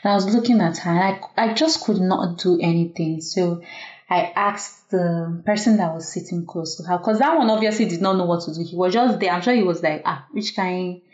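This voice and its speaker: A woman's voice: on the low side, a little fast, darkish tone. A young woman, a doctor, telling a personal story in an earnest, reflective way, with many fillers. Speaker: guest. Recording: echoey room, dull lo-fi sound.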